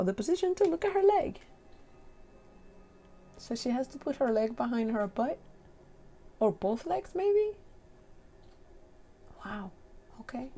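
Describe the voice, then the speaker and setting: Slow, gravelly-voiced woman reading cards. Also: on the high side, a little mellow. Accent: non-native English accent. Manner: giggly, reads card text slowly and carefully. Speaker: tarot card reader. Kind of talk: casual tarot reading to camera.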